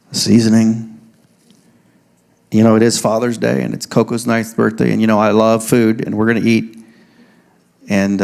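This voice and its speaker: A male pastor giving a sermon, reading scripture slowly and telling joking, conversational stories to his church. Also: medium pitch, creaky. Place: church service.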